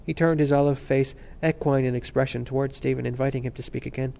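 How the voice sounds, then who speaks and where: Audiobook narrator, man, mellow and measured. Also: mid-range voice, gravelly. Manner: steady, measured reading. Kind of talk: scripted narration.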